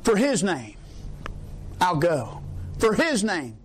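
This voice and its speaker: A man's voice: high-pitched, huge pitch swings, takes it slowly. A middle-aged man preaching a sermon in an emphatic, rhetorical call-and-response manner.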